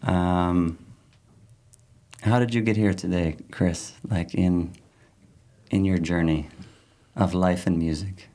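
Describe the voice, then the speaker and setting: A man's voice: low-pitched, fairly even intonation, slow pace, pauses often, warm tone. A man hosting a podcast interview, asking questions in loose, searching phrases with fillers. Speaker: podcast host. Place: artist room of a venue.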